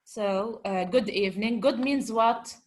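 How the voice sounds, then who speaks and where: A woman with a somewhat high voice teaches Arabic vocabulary in English. She walks through a dialogue, asks her class questions, answers them herself, and goes over each point twice. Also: unhurried. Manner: talks to her class as guys. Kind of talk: explaining vocabulary from a lesson dialogue.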